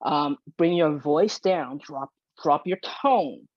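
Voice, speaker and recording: Brief: woman behavior consultant, animated explainer, dull and dry video-call sound. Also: sits low, takes it slowly, dry recording. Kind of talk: educational webinar talk.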